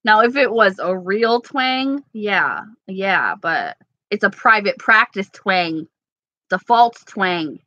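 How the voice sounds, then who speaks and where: A bubbly woman from New York chats with her viewers, giggling and wandering from one thought to the next. Her voice is bright and forceful, and she talks at an easy, unhurried pace. The sound is dry and a little dull, like a lo-fi home recording. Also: mid-range voice, dry recording. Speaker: beauty vlogger. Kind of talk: casual live chat reading comments.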